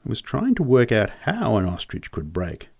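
Low-voiced man reading a story. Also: huge pitch swings, moderate pace, gravelly, a little mellow, slightly rough. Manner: vivid, descriptive reading. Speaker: narrator. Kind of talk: storybook narration.

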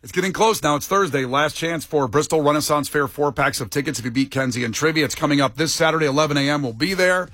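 A man hosting a morning radio show, chatty and quick to laugh, on a studio microphone. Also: a little high, a bit bright, no echo. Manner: chatty, laughs easily, mimics voices. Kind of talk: casual morning radio banter.

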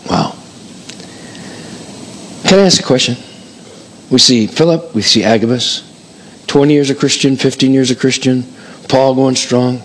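A male pastor giving a conversational, emphatic sermon in a church, polling the congregation with quick repeated phrases like an auctioneer. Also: mid-range voice, a bit bright, low-quality recording. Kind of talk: expository sermon. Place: church sanctuary before a congregation.

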